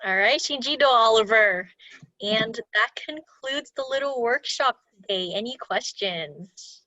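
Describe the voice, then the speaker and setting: A woman's voice: fairly high pitch, lively intonation, measured pace, sharp tone, dry recording. A young woman from California presenting an online culture workshop, chatty and laughing often. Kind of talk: casual online workshop teaching. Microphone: video call. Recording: dull lo-fi video call audio.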